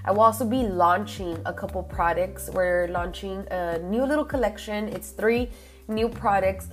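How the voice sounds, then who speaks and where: A young woman hosting a podcast, chatty and gushing, slipping Spanish phrases into her English. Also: mid-range voice. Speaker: podcast host. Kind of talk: casual chat.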